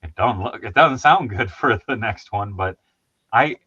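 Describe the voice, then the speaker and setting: A man's voice: on the low side, expressive, moderate pace, pushed and bright, husky, no room sound, highs cut off. A man hosting a casual chat about toys, rambling and laughing at himself. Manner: rambling, laughs often, self-deprecating. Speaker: host.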